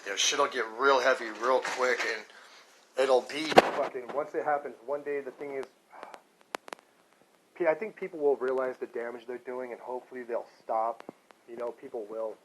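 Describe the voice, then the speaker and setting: A man's voice: mid-range voice, steady tone, moderate pace, background noise. A man in his thirties from the United States talks to his stream in a casual, rambling monologue, swearing often and stressing his points. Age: 30s. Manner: profane, emphatic, thinking aloud. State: dry throat.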